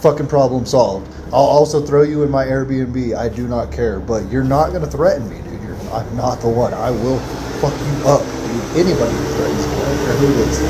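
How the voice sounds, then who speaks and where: A man's voice: medium pitch, very noisy. A man delivering an angry, profane, confrontational rant at a friend.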